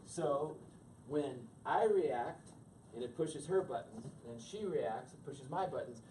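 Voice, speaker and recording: A man leads a couples' workshop, chatting with the room and tossing questions to his audience. His voice sits at an ordinary pitch. It is caught by a distant mic with a steady wash of background noise. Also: takes it slowly. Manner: conversational, quizzes the audience. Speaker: marriage workshop speaker. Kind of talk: teaching a couples' class.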